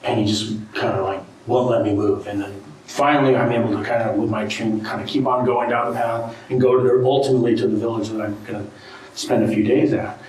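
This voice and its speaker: A man's voice: medium pitch, a little fast, slight background noise. Chatty man telling a story in an echoey room. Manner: animated, chatty, lots of "you know" and "right?". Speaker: guest speaker, tribal art collector. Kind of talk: casual storytelling to an audience. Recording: very echoey room, distant mic, faint ambience.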